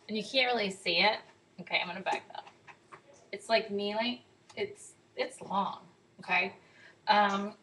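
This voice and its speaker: A young woman telling a story in a casual vlog to camera, animated and swearing freely, sometimes dropping to a whisper. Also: medium pitch, a little hiss or hum, rough recording. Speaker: diet vlogger.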